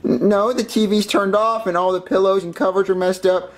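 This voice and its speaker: A woman's voice: medium pitch, steady tone, a little fast, close to an everyday voice. A woman voicing a whiny, tattling young boy in a comedy puppet video, childish and bratty. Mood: chatty. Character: bratty young boy playing with toy cars.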